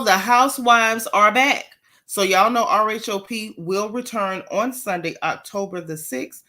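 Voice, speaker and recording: A woman's voice: lowish voice, sharp tone. A woman hosting a live stream, chatting casually and repeating phrases for emphasis. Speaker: livestream host.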